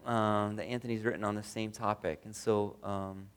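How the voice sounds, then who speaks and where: A man preaching a sermon as pastor, earnest, moving between strong emphasis and hushed tender passages. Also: on the low side, flat delivery, moderate pace, smooth. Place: church.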